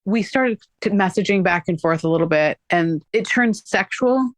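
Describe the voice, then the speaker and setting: With a medium pitch and lively intonation, a woman talks at normal speed in a recording with no echo. Sharing her personal experience as a guest, she's candid and conversational, leaning on "like" and acting out the dialogue of others.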